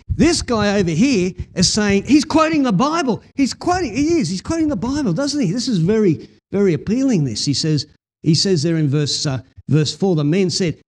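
A man preaching with a fairly high voice. He tells the story in an animated way, acting out the scenes as he goes and chatting with his listeners. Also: moderate pace. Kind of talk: sermon.

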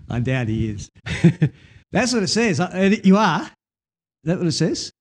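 A man preaching a sermon, telling a Bible story with lively acted-out scenes and talking with the congregation. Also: high-pitched, a little slow, slightly rough. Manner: animated storytelling, acting out scenes.

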